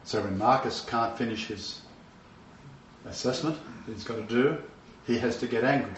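Older man, sermon, preacher, dramatic loud-to-hushed swings, muffled dull recording. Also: moderate pace, slight background noise. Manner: dramatic swings between loud emphatic bursts and hushed low asides. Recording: roomy, distant, dull-sounding hall recording.

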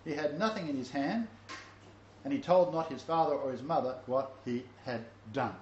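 A man's voice: medium pitch, normal speed, a little mellow, slight background noise. A man giving an informal Bible-study sermon, reading verses aloud and commenting, chuckling at his own asides. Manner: reads scripture aloud, then comments. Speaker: Bible teacher. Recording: roomy, dull lo-fi recording.

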